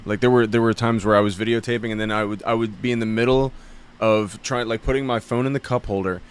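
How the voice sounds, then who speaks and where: A man's voice: fairly low pitch, fairly even intonation, fast talker, clear, resonant tone. A man from South Jersey hosting a podcast, interviewing his guest in a blunt, profane, laughing way. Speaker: podcast host.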